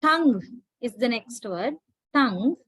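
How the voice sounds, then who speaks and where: A woman teaching a class, slowly and deliberately repeating words to drill pronunciation. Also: on the high side, animated, fairly bright tone, breathy edge, no room sound, low-quality recording. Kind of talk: classroom lecture.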